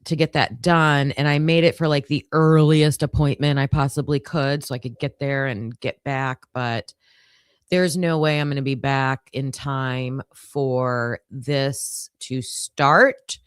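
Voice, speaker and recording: A woman's voice: very deep voice, fairly even intonation, slow, clear, resonant tone, no room sound, studio quality. A woman hosting a casual livestream with a groggy morning voice, chatting to her viewers with lots of fillers. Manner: chatty, filler-heavy, talks to chat. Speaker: livestream host.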